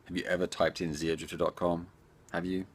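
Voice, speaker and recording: A man's voice: sits low, little pitch movement, fast, a little hiss or hum. A man who develops indie games, answering viewer questions in a chatty, rambling way and talking straight to the viewers. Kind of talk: casual Q&A chat.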